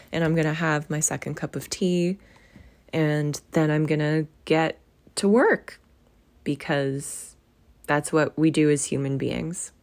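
Woman, low voice, reading a classic novel, measured, expressive, casual sign-off. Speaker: audiobook reader.

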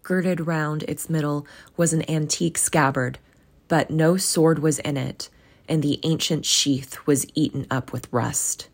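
Her voice sits low, with fairly even intonation and a slightly slow pace. The young woman, an audiobook reader and podcast host, reads a classic storybook tale aloud and then chats affectionately with listeners in a warm, encouraging sign-off.

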